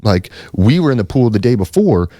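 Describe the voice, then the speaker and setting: Low-voiced male podcast host, rambling casual storyteller, dry close sound. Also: very animated, brisk, warm tone, no echo. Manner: rambling, lots of fillers and restarts.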